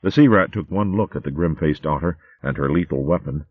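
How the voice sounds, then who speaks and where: Man, storybook narrator, very low voice, lively pitch, phone-like sound. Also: fairly quick, breathy edge, dry recording. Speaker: audiobook narrator. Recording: phone-like dry audio.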